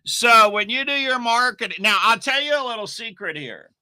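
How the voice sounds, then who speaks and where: A man's voice: very high voice, lively intonation, normal speed, pushed and bright, clean tone, dry recording. A middle-aged man teaching online marketing on a casual live stream, rambling and emphatic, with asides to his viewers.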